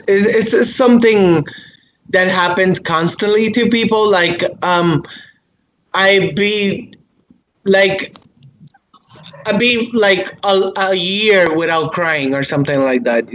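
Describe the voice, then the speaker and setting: A man from Rico, hosting a casual podcast chat and searching haltingly for his words. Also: high-pitched, fairly bright tone. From Puerto Rico. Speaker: podcast host. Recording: muffled lo-fi with faint hiss.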